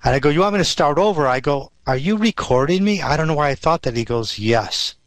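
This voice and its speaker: A man's voice: on the high side, animated, fast, dry recording. A man telling a personal faith story in a rambling way, with many restarts and fillers. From Western New York. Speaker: guest sharing testimony. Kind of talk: storytelling testimony.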